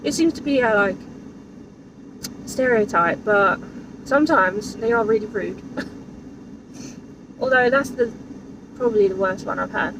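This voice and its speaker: A woman's voice: medium pitch, a little slow, pauses often. A woman chatting casually in her vlog, saying "like" a lot and laughing often, recorded in her vehicle. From England. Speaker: vlogger. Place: in a car or van. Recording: distant mic with background noise.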